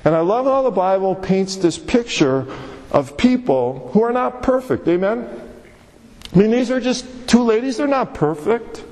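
A male pastor preaching an expository sermon, telling stories in an animated way and repeating phrases for emphasis. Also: high voice, a little slow. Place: church sanctuary. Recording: long hall reverb.

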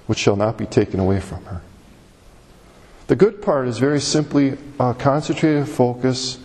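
A male pastor preaching an expository sermon, telling stories in an animated way and repeating phrases for emphasis. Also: mid-range voice. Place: church sanctuary. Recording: long hall reverb.

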